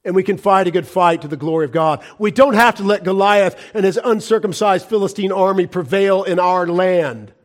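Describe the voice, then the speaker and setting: Middle-aged male pastor with a high-set voice; fervent evangelistic preaching with big swings between cries and quiet warnings. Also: moderate pace, few pauses. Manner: impassioned, swings from loud cries to hushed, low-voiced warnings. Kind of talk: fiery evangelistic sermon.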